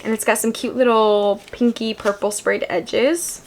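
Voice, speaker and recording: A woman's voice: fairly high pitch, measured pace, slight background noise. Chatty young woman gushing over books. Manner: chatty, rambling, many filler likes; excitable, gushing. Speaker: book vlogger. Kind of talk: casual book haul vlog.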